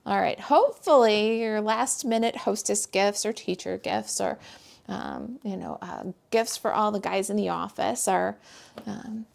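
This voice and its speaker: A woman's voice: mid-range voice, unhurried, vocal fry. A woman demonstrating card stamping live from her home craft desk, chatting casually with viewers as she works. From United States. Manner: chatty, friendly, talks to viewers and her dog while working.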